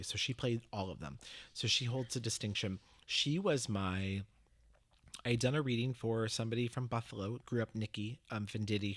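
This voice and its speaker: A man chatting as a guest, telling stories in a lively way with many fillers and restarts. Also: on the low side. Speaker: guest, medium and teacher. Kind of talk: casual storytelling chat.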